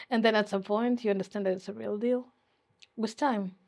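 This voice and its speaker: A woman's voice: fairly high pitch, warm tone. Emotional young woman from Ukraine. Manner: emotional, halting, laughs often. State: teary. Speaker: interviewee. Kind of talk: personal interview.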